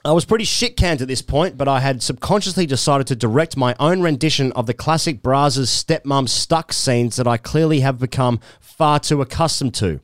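A man's voice: mid-range voice, no room sound, studio quality. A man, a podcast co-host reading a listener's letter aloud and laughing often as he goes. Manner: keeps breaking into laughter while reading.

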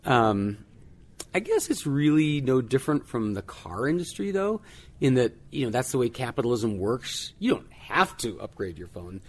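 A man's voice: mid-range voice, very animated, normal speed. A man answering interview questions in a casual, amused way, chuckling and restarting sentences. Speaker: guest, tech journalist.

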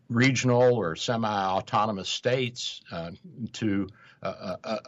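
A man's voice: on the low side, muffled recording. A male radio show host in casual talk, rambling with many hesitations and acting out quotes.

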